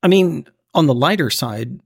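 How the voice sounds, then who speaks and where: A man with a Southern US accent co-hosting a casual podcast chat, with teasing, deadpan banter. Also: fairly high pitch, moderate pace, vocal fry, husky, no room sound, studio quality. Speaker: podcast co-host.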